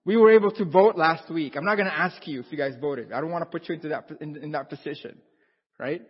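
A male pastor with a slightly high, husky voice gives a chatty sermon to his congregation. He stumbles, repeats lines and throws questions at the room. The sound is dull, with a long hall reverb. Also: fast. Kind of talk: conversational sermon.

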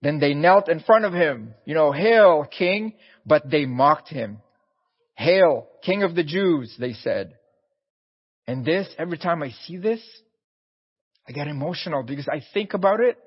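A man's voice: fairly high pitch, expressive, moderate pace, slightly rough, big-room sound, dull audio. A man preaching a sermon in an earnest, pleading way, often repeating his words.

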